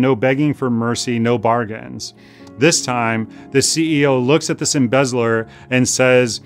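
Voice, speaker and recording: A man preaching a sermon as pastor, earnest and pleading, slowing down to repeat key phrases for emphasis. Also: mid-range voice. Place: church service.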